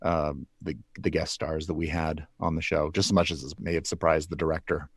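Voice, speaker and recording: A man's voice: rumbling low, level tone, brisk, breathy edge, dry recording, studio quality. A man being interviewed about puppeteering, talking loosely with restarts and small chuckles. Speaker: puppeteer guest. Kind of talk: relaxed interview answers.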